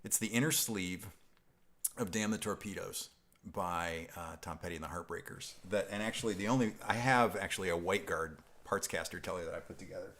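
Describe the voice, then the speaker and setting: A man's voice: sits low, fairly quick, a bit bright. A man from upstate New York hosting a guitar live stream, chatting loosely and reading out viewer comments with frequent restarts and chuckles. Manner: rambling, self-interrupting, chuckling.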